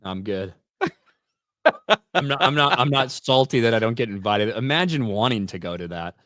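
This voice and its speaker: A man's voice: mid-range voice, animated, normal speed, a bit bright, dry recording, clean studio sound. A young man co-hosting a casual podcast chat, blunt and dismissive, swearing freely. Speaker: co-host.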